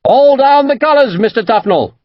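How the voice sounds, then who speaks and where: A man's voice: on the high side, big pitch swings, quick pace, no echo, dull audio. A man voicing a stern, hard-bitten ship captain who gives curt, commanding orders. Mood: bellowing.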